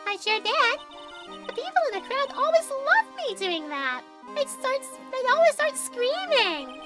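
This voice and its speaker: A very high, sing-song voice of a gushing, naive young circus girl, as a woman puts her on, her pitch swooping all over. Upbeat game music plays clearly behind her. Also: sing-song, unhurried, heavily acted. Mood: sweet, bubbly. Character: sweet bubbly young female circus performer.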